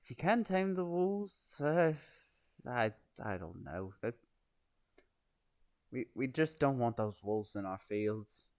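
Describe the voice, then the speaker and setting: A man voicing a weary male village receptionist, flat and exasperated, in a tabletop game session. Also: medium pitch, slow, pauses often.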